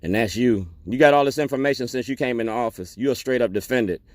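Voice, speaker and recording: A man's voice: medium pitch, fast, dry recording. A man giving a defiant public testimony as an activist, repeating himself and calling people out. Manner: defiant, declaiming, repetitive.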